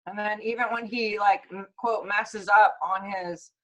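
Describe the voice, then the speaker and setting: A woman hosting a casual conversation, chatty and animated when she tells a story. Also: mid-range voice, unhurried, poor audio. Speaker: host, naturopathic doctor.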